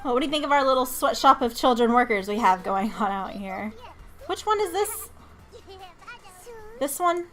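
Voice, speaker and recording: A woman with a North Georgia Southern accent chats with her viewers as she plays. Her voice sits a little high, and she keeps breaking into giggles as she jokes along. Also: animated, normal speed, pauses often, faint music behind. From North Georgia, USA. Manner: giggly, chatty, jokey. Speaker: live streamer. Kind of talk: casual live-stream chat while playing.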